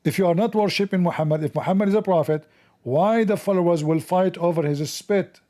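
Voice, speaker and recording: A man's voice: high voice, fairly quick. Sarcastic male commentator. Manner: sarcastic, animated, mocking. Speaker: host. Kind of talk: casual commentary video.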